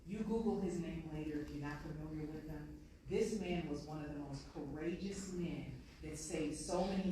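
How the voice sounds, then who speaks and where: A woman with a deep, dark-toned voice gives a heartfelt keynote to a conference-room audience, motivating them through storytelling and repeated points. The sound is distant and echoey, with slight background noise.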